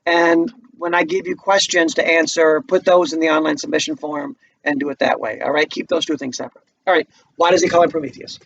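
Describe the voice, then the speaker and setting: A male English teacher giving a relaxed, chatty recorded lesson from home, checking in with his students as he goes. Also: fairly high pitch, brisk, vocal fry, muffled recording. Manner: relaxed and chatty, asks the class questions.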